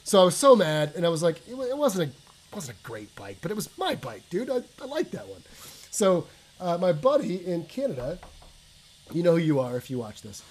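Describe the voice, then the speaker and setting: A man's voice: sits high, wildly swooping pitch, moderate pace, low-quality recording. A man co-hosting a casual chat from his basement, telling stories animatedly with casual swearing and lots of restarts. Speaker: co-host. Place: home basement. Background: faint hum of a water softener.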